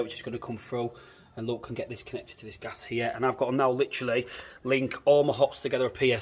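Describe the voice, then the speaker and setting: A man vlogging from a building site as a plumber, talking casually about the job and joking with his crew. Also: mid-range voice. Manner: joking, teasing, laughs often. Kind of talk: casual site vlog with banter.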